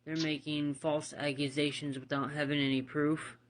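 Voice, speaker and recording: A woman's voice: low voice, level tone, normal speed, noisy background. A woman in a played video clip, sounding defensive and indignant as she answers accusations.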